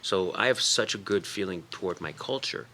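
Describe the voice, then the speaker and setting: A man's voice: low-pitched, normal speed, bright, forceful tone, slight background noise. A man being interviewed as an author on a radio talk show, telling stories, acting out quoted voices and laughing often. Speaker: author and guest. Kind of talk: casual radio interview chat.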